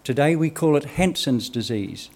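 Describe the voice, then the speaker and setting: A man preaching a church sermon, reading Scripture aloud in a measured, earnest way. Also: on the high side, darkish tone. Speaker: lay preacher.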